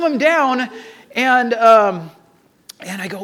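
A man giving a sermon, telling a personal story with animated acted-out dialogue and frequent restarts. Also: a little high, a little fast.

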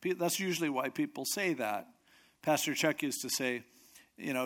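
A man preaching a sermon in a conversational, expressive way, often acting out what people say. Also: on the high side, normal speed. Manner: conversational, expressive, acts out quotes.

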